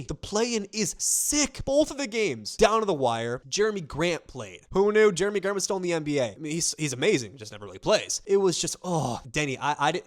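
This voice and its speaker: A young man riffing on sports in a casual, joking way, his voice sitting a little higher than most men's. He rambles, restarts his sentences, and mimics players in silly voices. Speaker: sports commentary host.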